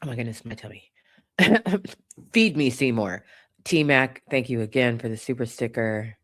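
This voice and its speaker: A woman's voice: a bass voice, expressive, a little slow. Chatty woman livestream host. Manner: warm, chatty, swears casually. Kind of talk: casual livestream chat, reading viewer donations.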